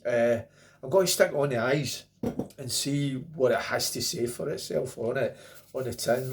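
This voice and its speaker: Reviewing a beer to camera, a middle-aged Scottish man talks casually at normal speed in a mid-range voice. He's chatty and rambling, throwing in jokey asides.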